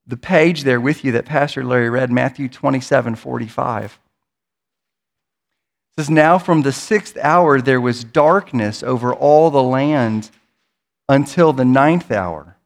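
A man's voice: mid-range voice, gravelly. A man preaching a sermon in a church, in an earnest manner, often repeating words as he builds toward a point. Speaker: pastor.

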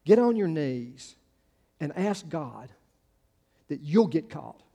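A man's voice: fairly high pitch, very animated, slow, gravelly, dark tone, husky, long reverb tail. A man preaching a sermon as pastor, earnest, with frequent restarts and rising emphatic peaks.

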